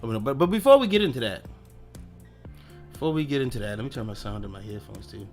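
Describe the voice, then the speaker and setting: A man's voice: medium pitch, lively intonation, a little fast, soft background music. A man hosting his own live stream in loose, rambling casual chat, swearing offhandedly and talking to himself as he clicks around.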